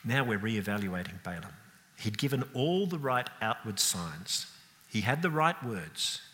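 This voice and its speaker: A man delivers a sermon in a church, retelling a story with a very lively, swooping delivery. His voice is bright and sharp, and it carries into a long, echoing hall. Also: on the low side, measured pace. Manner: animated storytelling, acting out scenes with sound effects and mock voices. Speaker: preacher.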